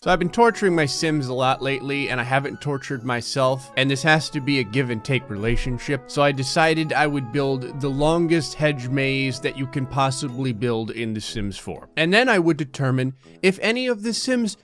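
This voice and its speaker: A man's voice: medium pitch, animated, moderate pace, few pauses, a bit bright, faint music behind. A young man giving sarcastic, darkly joking commentary on a life-sim game, laughing often. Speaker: gaming commentator.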